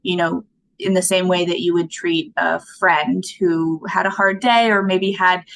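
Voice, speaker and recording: A woman's voice: fairly low pitch, fairly even intonation, measured pace, gravelly, a bit bright, slight background noise, rough recording. A woman, a guest potter on an interview podcast, talking casually and thoughtfully with frequent fillers.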